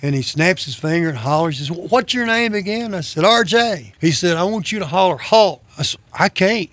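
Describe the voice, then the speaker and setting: A man's voice: a little high, lively intonation, fairly quick, fairly bright tone. A man telling folksy, self-deprecating stories in casual conversation, chuckling between lines. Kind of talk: casual anecdotal storytelling.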